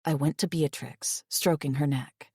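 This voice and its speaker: A woman narrating a first-person audiobook in an expressive, breathy reading. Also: sits low, a little slow, dry recording, studio quality.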